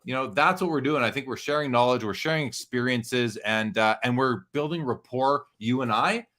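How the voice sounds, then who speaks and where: A man's voice: medium pitch, moderate pace, bright, forceful tone. A man hosting a live sports card show, talking earnestly and reflectively with his guest and reading viewer comments.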